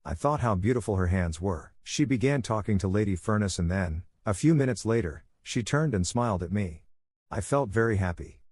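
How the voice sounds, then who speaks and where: A man reading a story aloud in a slow, clear way for language learners. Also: on the low side, expressive, darkish tone, no room sound, studio quality. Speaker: story narrator. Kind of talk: scripted narration.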